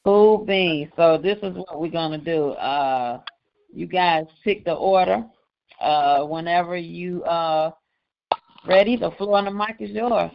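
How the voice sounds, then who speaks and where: A woman's voice: fairly low pitch, unhurried, gravelly, dry recording. A woman hosting a radio show, talking in a casual, laid-back way full of slang. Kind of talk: casual chat. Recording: muffled lo-fi call audio.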